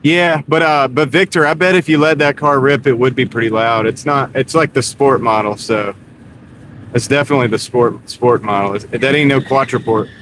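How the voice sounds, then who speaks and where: A man's voice: medium pitch, steady tone, normal speed. A man from North Carolina chatting casually to his livestream viewers while driving, laid-back and full of "dude". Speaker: delivery driver and livestreamer. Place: inside a moving car. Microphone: wireless clip-on mic. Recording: car road noise behind.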